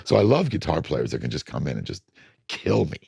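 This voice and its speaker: A middle-aged record producer being interviewed, telling blunt studio stories and acting out moments from sessions. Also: male voice, very deep voice, a little fast, creaky, slightly rough, dry recording. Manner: animated, blunt storytelling that acts out studio moments.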